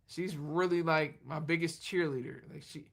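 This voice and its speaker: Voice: mid-range voice, normal speed, creaky. A livestream host chatting casually and rambling, laughing often and answering comments from the chat while running on fumes.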